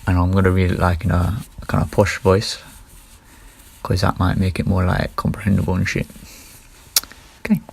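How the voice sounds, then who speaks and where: A man's voice: low voice, little pitch movement, moderate pace, gravelly, long pauses, a little mellow, husky. A man talking through his ideas in a casual, rambling solo monologue, often correcting himself mid-sentence. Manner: rambling, self-correcting, offhand. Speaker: solo vlogger.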